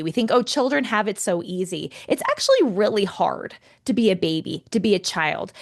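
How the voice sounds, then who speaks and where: A young woman co-hosts a life-coaching podcast in a casual chat. Her voice sits at an ordinary middle pitch, and she talks with lively encouragement, laughing easily and urging listeners to act. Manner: encouraging, animated, coaching listeners toward small commitments. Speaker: podcast co-host.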